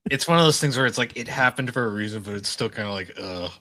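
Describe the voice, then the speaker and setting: A man's voice: medium pitch, lively intonation, fast talker, pushed and bright. A man co-hosting a retro game podcast in casual chat, wry and laughing often, with the odd swear. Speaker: podcast co-host.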